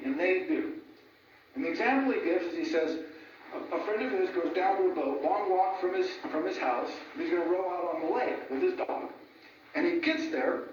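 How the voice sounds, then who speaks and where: A man giving an informal lecture, animated, laughing at his own jokes and often asking "right?". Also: high-pitched, a little hiss or hum. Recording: echoey room from a distant mic, dull sound.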